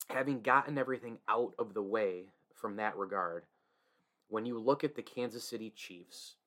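A man's voice: lowish voice, a bit bright. A man hosting a solo sports podcast, opinionated and emphatic, with frequent restarts and chuckles. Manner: reads host-read ads.

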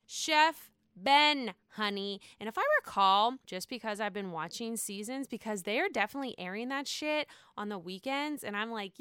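Sassy, bright-voiced gossiping woman host. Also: on the high side, clear, resonant tone, dry recording, clean studio sound. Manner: sassy and profane, keeps calling the listener honey. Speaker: podcast host. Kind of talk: casual reality-TV gossip chat.

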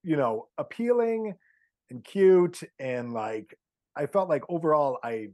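A man's voice: on the high side, lively intonation, a little slow, darkish tone, dry recording. A man talking as a podcast guest in a rambling, casual way, full of "like" and "you know". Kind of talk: casual chat.

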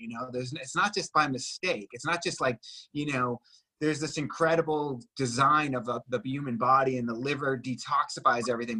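Bright, husky man explaining with zeal. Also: mid-range voice, rough recording. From Boston, US. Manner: earnest, animated explainer. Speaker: breathwork guide, former personal trainer. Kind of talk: casual conversation.

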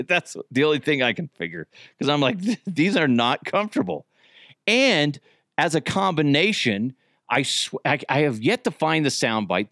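A man in his thirties hosting a podcast, telling old radio stories in a rambling, profane, animated way with frequent restarts. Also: medium pitch, dry recording, clean studio sound. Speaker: podcast host, former radio producer. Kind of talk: casual storytelling.

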